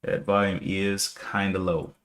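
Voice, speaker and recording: A man's voice: low-pitched, level tone, a little slow, fairly bright tone. A man streaming live day trading, casually thinking aloud, reading out viewer comments and correcting himself as he checks charts.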